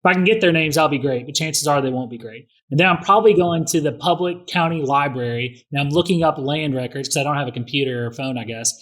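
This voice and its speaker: A man's voice: on the high side, quick pace, few pauses, fairly bright tone. A middle-aged man, a guest on a podcast, talking bluntly and swearing freely in casual conversation. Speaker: podcast guest, real estate investor.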